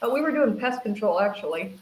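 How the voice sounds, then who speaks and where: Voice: mid-range voice, animated, brisk. A player speaking casually in character during a tabletop game. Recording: roomy, distant, faint hiss.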